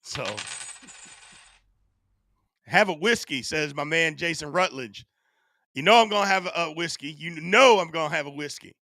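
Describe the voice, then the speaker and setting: A man hosting a live sports stream, chatting casually and answering his chat, his voice going hoarse. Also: a little high, moderate pace, pauses often, no echo, studio quality. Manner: animated, reads and answers chat. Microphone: studio USB microphone.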